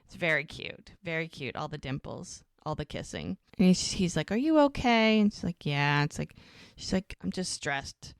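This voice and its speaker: A woman co-hosting a TV rewatch podcast, retelling scenes in a lively, chatty way and acting out the characters' lines. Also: low voice, moderate pace, vocal fry, no room sound. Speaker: podcast co-host. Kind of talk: casual rewatch podcast recap.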